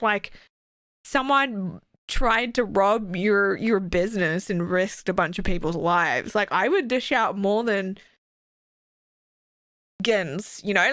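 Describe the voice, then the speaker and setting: A woman's voice: on the high side, no echo, studio quality. A young woman streaming a video game, chatting casually and animatedly with her viewers. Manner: chatty, animated, swears and laughs often. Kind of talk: casual live-stream commentary.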